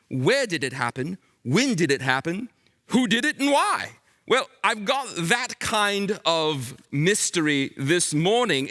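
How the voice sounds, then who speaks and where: A man hamming up a bumbling, excitable detective for kids, his voice riding high and swooping wildly. The tone is bright and theatrical. He throws in big dramatic flourishes as he works the room. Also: full character voice. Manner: theatrical, playful, dramatic exclamations. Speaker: children's Bible school teacher. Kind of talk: comic character acting for children.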